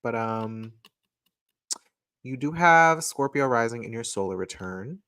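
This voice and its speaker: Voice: medium pitch, animated, unhurried, fairly bright tone, clear, resonant tone, no room sound. A person giving casual astrology and tarot readings on a live stream, chatty and playful, talking close to a microphone. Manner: playful, chatty, laughs often. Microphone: desk microphone, close.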